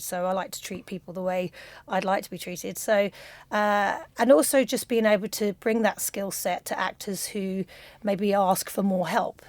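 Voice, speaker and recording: A woman's voice: mid-range voice, a little mellow, dry recording. Chatty middle-aged London woman. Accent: London English. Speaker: theatre choreographer and director. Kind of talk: radio interview guest.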